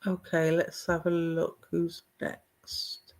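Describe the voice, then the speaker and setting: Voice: mid-range voice, monotone, slow. A psychic medium giving a live reading, speaking reassuringly and calling the listener pet names like darling and lovely.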